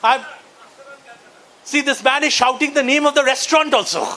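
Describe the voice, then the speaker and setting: Brisk, mocking male comic from Calcutta; Indian English accent, piercing tone. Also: very high-pitched, bright, forceful tone, rough recording. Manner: brisk, mocking, works the crowd. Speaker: stand-up comedian. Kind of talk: stand-up comedy set.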